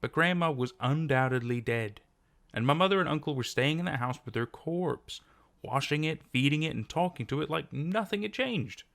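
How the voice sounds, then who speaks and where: A man narrating a first-person horror story in a steady, measured reading. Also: a little high, gravelly.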